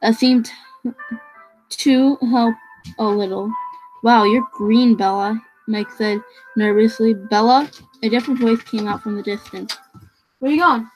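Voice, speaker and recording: Casual reader: a woman with a raised pitch who trips over words while reading a novel aloud. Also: unhurried, long pauses, a little mellow, faint music behind, poor audio. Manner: stumbling over words, restarting phrases.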